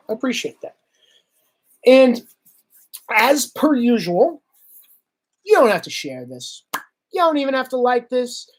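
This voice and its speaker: A man hosting a livestream, delivering a heated, profane political rant with sarcasm and reading viewer comments. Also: high voice. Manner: heated, swearing, sarcastic, animated.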